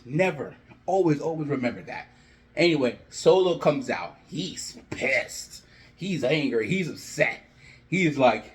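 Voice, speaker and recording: A man telling a wrestling storyline in a casual, animated way and acting out the wrestlers' lines. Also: on the high side. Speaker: wrestling booking commentator. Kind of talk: casual fantasy booking rant.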